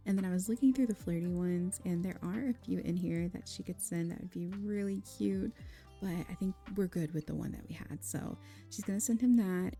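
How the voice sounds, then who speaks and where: A woman's voice: mid-range voice, warm tone. A woman giving casual, chatty commentary on a life-simulation game, giggling and talking straight to her viewers. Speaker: gaming creator.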